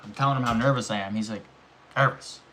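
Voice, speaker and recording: Young man, lowish voice, live-stream chat, rambling animated storyteller, swears a lot, faint background noise. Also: racing.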